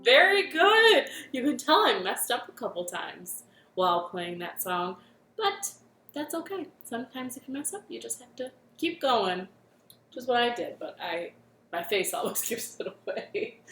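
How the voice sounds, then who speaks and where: A woman hosting a children's storytime from her living room, speaking gently and encouragingly and singing with a ukulele. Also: on the high side, very animated, unhurried, echoey room, a little hiss or hum.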